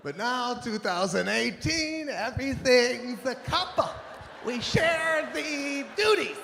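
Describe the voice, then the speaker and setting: A man performing stand-up comedy in an animated way, shouting his punchlines and acting out his family members. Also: extremely high pitch, slow, creaky, background noise. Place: stage in a large theater. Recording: live hall with loud ambience. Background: audience laughter.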